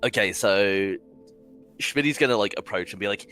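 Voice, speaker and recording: A man playing a tabletop game, talking casually with halting fillers. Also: lowish voice, a bit bright, soft background music. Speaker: player.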